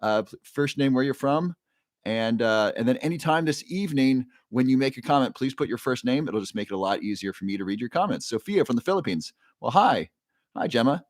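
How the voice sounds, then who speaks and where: A livestream host with an expressive mid-range voice talks fairly quickly, cheerfully greeting viewers by name and reading their comments aloud with plenty of fillers. It's a casual chat recorded dry and studio-clean on a new microphone.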